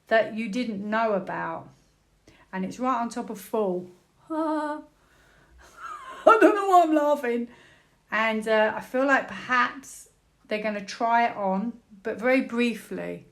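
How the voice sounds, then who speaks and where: A British woman doing a tarot reading, thinking out loud, exclaiming and repeating words as she turns cards. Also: medium pitch, unhurried. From United Kingdom. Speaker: tarot reader.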